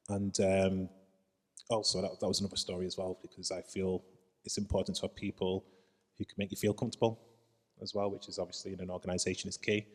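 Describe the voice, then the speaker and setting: Deep flat-voiced earnest man. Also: fast. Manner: earnest, hesitant. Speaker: panel speaker. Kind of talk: personal panel talk. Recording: reverberant hall.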